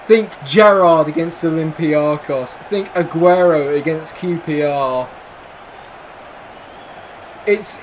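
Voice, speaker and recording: Young gamer narrating football matches, excitable and a little high, faint noise behind. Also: male voice. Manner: excitable, shouts at the screen. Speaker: gaming YouTuber. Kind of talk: live football game commentary.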